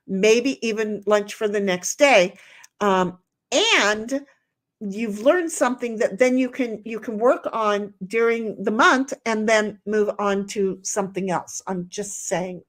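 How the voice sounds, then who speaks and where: A woman hosting a livestream, reading chat aloud in a rambling, chatty way with many fillers. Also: fairly high pitch.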